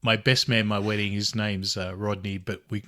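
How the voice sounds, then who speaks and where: A man's voice: on the low side, level tone, moderate pace, fairly bright tone. An Australian man hosting a podcast, chatting in a friendly way with easy laughs. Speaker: podcast host. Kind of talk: casual chat.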